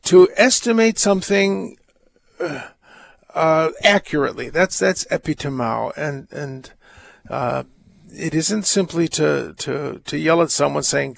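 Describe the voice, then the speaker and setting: A man's voice: on the high side, a little slow, vocal fry, no room sound. An older man, a priest, hosting a call-in radio show, chatting in a rambling way with frequent laughs and stumbling restarts. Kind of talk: casual call-in radio talk.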